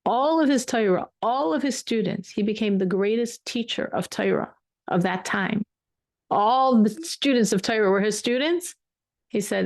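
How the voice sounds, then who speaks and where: A woman's voice: a little high, animated, moderate pace, no room sound, studio quality. A woman teaching a Torah class, telling a story with emphatic repetition. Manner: emphatic, repeats words for weight.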